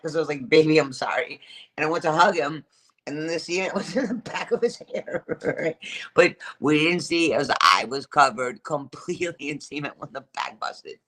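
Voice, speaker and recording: A woman with a low, deep voice tells a story casually to her livestream chat. She is emphatic and profane, circles back to repeat herself, and laughs through it. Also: a bit bright.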